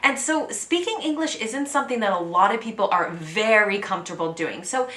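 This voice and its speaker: A woman's voice: mid-range voice, lively intonation, fairly quick, pushed and bright, echoey room. An American woman in her thirties chatting candidly to camera as a vlogger living abroad. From United States. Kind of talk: casual chat to camera.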